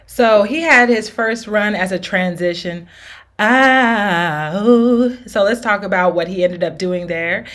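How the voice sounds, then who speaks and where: A woman's voice: medium pitch, normal speed, few pauses, fairly bright tone, soft background music. Upbeat woman coaching singing. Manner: upbeat, encouraging, checks in with "okay?". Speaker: vocal coach. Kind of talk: singing lesson with sung demonstrations.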